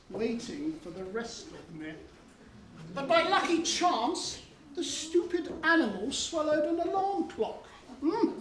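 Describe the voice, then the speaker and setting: Pantomime villain: woman as a pompous pirate captain, high and unhurried, caught from far off in a hall. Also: slight background noise. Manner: pompous, gloating, theatrical. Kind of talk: amateur pantomime stage acting. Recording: echoey hall from far off, audience.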